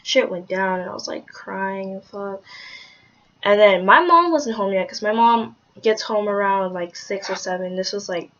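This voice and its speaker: A young woman talking candidly in a personal vlog, rambling with lots of "like"s and swearing, soft-spoken with hesitant restarts. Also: mid-range voice, moderate pace. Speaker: vlogger. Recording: dull lo-fi audio.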